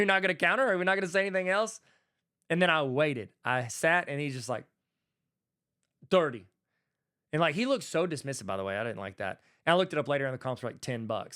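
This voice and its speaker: Here a male podcast host and educator speaks alone in a mid-range voice that's bright and forceful. The talk is casual and folksy, and he performs short pieces of dialogue.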